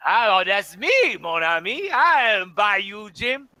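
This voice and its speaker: Uomo che fa Bayou Jim, cuoco gioviale. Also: male voice, high voice, very animated, slow, bright, forceful tone, dry recording, voice pushed up, full character voice. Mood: genial. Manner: hearty, hospitable, sprinkles French words. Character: jovial middle-aged male bayou cook, French-tinged.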